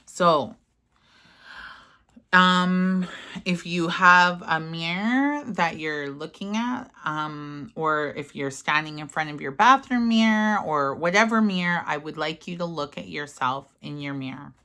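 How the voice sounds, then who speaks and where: A woman leading a guided mirror-work lesson, speaking gentle, soothing affirmations. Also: deep voice, slow. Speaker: self-help guide.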